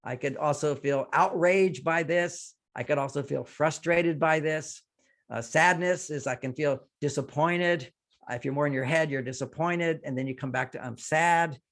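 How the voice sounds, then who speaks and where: A man's voice: a little high, normal speed, a bit bright. An older man speaks in a slightly raised register, giving relationship advice in an interview. He explains his points by acting out short lines that people might say. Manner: explains with quoted example lines. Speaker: relationship author and guest.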